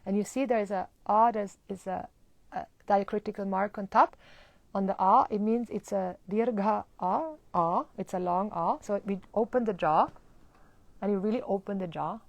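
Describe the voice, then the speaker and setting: A woman teaching a live online Sanskrit chanting lesson, explaining pronunciation and then chanting words slowly. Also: mid-range voice, gravelly, dry recording.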